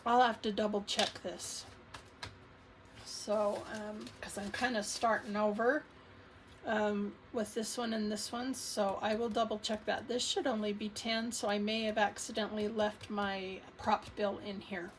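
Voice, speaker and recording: Slow-talking cheerful woman budget vlogger. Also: medium pitch, level tone, background noise. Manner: chatty, cheerful, counting money aloud with fillers. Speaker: budgeting channel host. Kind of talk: casual cash-stuffing vlog narration.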